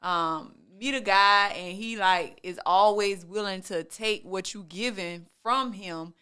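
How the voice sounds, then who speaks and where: A woman giving her opinion in a casual chat, slowly and deliberately. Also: medium pitch, sharp tone, clear, resonant tone.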